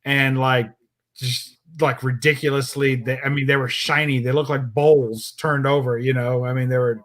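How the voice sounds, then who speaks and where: A man's voice: mid-range voice, fairly even intonation, moderate pace, fairly bright tone. A man telling a long, rambling story in casual chat, full of fillers, acting out the people in it. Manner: rambling, filler-heavy, acts out quotes. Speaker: podcast host telling a story.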